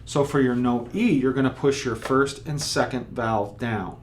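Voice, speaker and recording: A man at an ordinary pitch, patiently walking a beginner through a trumpet lesson one step at a time. He sounds out beats and syllables to show the rhythm. A faint hum sits behind his voice. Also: measured pace. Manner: patient, step-by-step explaining with spoken demonstrations. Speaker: trumpet teacher. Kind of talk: instructional video lesson.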